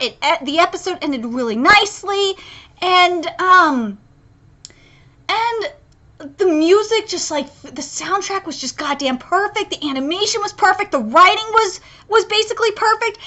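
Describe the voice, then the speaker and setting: A young woman reacting live to an anime episode, bursting with excitement and cursing freely. Her voice sits very high and rings bright and forceful. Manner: gushing, excitable, swears often. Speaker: anime reaction channel host.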